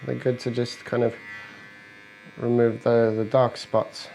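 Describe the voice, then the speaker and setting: A barber talking a viewer through a fade haircut while he works. He is a man with a medium-pitched voice, explaining each clipper guard and angle in plain words. He keeps up easy joking banter with his client in the chair, and a faint electric-clipper buzz runs underneath. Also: level tone, unhurried, creaky, darkish tone, a little hiss or hum, rough recording. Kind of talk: hair-cutting tutorial narration with client chat. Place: barbershop, indoors.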